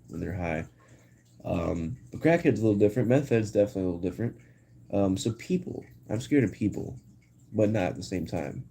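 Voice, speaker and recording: A man's voice: sits low, vocal fry, warm tone. A young man hosting a live stream, chatting casually with viewers in a rambling, slangy way full of "like" and "dude".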